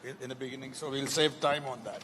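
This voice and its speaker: A man's voice: medium pitch, steady tone, quick pace, fairly bright tone. Man interviewer in an echoing hall. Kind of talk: onstage interview questions. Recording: long hall reverb.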